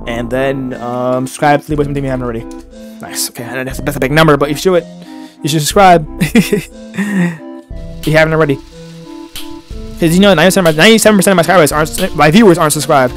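A young man giving horror game commentary, excitable and often panicking and yelling at the game. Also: a little high, brisk, long pauses, soft background music. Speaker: gaming YouTuber.

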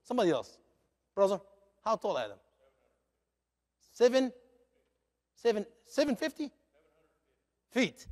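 A male guest preacher in a church, telling a story with dramatic, expressive delivery and a high voice that swoops widely. His English grammar is non-native, and a long reverb fills the hall. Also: measured pace, pauses often. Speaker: guest speaker. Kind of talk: animated sermon storytelling.

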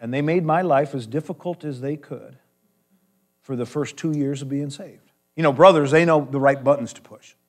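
A man's voice: on the high side, moderate pace. Joking pastor man preaching a sermon. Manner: storytelling, jokey asides. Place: church sanctuary.

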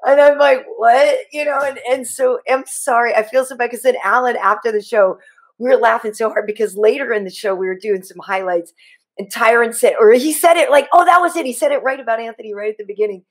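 A woman hosts a casual chat, spinning stories with lots of laughter and quick, lively bursts. Her voice sits a little high. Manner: laughing storyteller, quick and animated. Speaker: podcast host and sports anchor.

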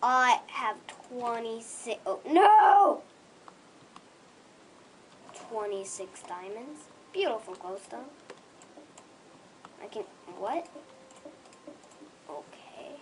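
A young gaming creator commenting excitedly on their own play, with gushing, squealing bursts of excitement. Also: mid-range voice, takes it slowly, long pauses, background noise.

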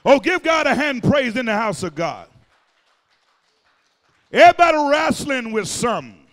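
A male pastor preaching to his congregation, his voice pitched strikingly high. He drives the sermon with call-and-response, at times shouting and at times half-singing his lines. The sound rings with the long reverb of a church sanctuary. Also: very animated, normal speed.

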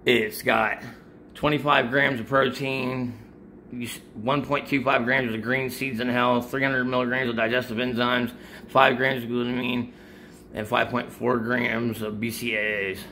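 This middle-aged vlogger's delivery is flat and a little slow, yet his mid-range voice stays bright and forceful, with a little hiss or hum present. Out of breath from a workout, he gives supplement advice in a casual, rambling chat about gear and supplements, restarting sentences often.

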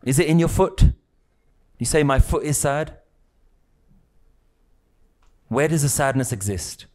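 Slow, questioning male spiritual teacher. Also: on the high side, expressive, darkish tone. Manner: slow, questioning, repetitive phrasing; rhetorical questions to the audience. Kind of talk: spiritual talk to a live group.

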